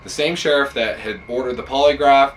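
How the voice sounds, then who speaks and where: A man's voice: medium pitch, a little fast, far from the mic, slight background noise, rough recording. Man casually retelling a story. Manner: animated, relaxed, filler-heavy. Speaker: podcast host.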